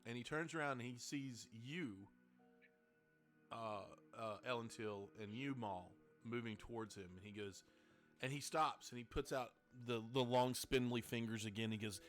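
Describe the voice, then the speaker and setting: Male GM, bright tone, rambling narration. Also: medium pitch, normal speed, faint music behind. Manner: rambling, self-correcting. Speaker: game master. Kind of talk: narrating a tabletop game.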